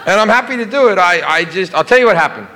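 A man's voice: high voice, animated, quick pace, pushed and bright, big-room sound. A man doing stand-up, telling a brash, swearing, rambling story. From Australia. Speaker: stand-up comedian.

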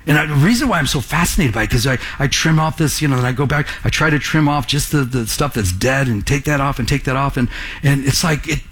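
A middle-aged man preaching a sermon as a pastor, telling stories with lively acted-out dialogue. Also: on the high side, breathy edge. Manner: animated storytelling, acts out dialogue.

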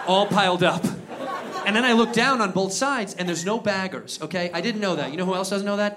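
Stand-up comic, man, high voice, story-driven, acts out characters; live crowd and room noise behind. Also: fast talker. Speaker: stand-up comedian. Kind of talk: stand-up comedy set. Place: live comedy venue with audience. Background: audience laughter and crowd.

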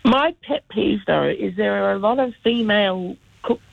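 Gravelly raspy man on a phone line. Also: high voice, moderate pace, dry recording. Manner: fluent, opinionated, explanatory. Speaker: regular radio contributor. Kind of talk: casual radio chat by phone.

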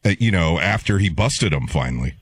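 Deep-voiced laid-back radio producer. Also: male voice, lively intonation, brisk, husky, no echo. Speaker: radio producer and call screener. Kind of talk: casual radio chat.

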